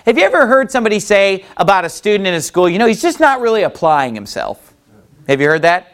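A pastor preaches a sermon in a high voice, talking fast. He's animated, fills his message with rhetorical questions, and reads scripture in old-fashioned wording.

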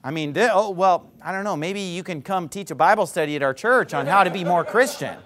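A man preaching a sermon, retelling a story in an animated, mocking way and repeating words for emphasis. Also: high-pitched, fairly quick. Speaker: pastor.

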